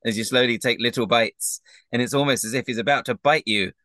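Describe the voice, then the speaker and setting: A man's voice: medium pitch, a little fast, pushed and bright, no room sound, studio quality. A man narrating as a game master, chuckling often and hesitating with ums.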